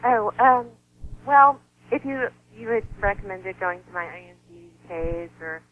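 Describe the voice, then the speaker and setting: A woman in her thirties speaks as a guest on an interview show, earnest and heartfelt, laughing easily and going quiet and soft on tender subjects. Her voice comes through a muffled, lo-fi phone line. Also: mid-range voice, animated, normal speed. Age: 30s. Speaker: guest, model and actress. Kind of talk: emotional personal interview talk.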